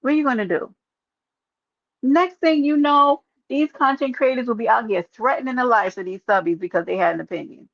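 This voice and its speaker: A woman live streamer, sharing her opinion in casual, animated talk and calling out viewers in chat by name. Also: on the high side, a little fast, vocal fry, few pauses, dry recording, muffled recording.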